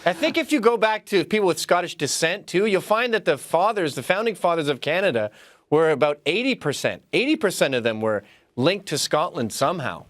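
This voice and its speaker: A man who is a guest in a casual talk, speaking in a boisterous, animated way and laughing often. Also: a little high, brisk, no echo. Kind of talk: casual chat.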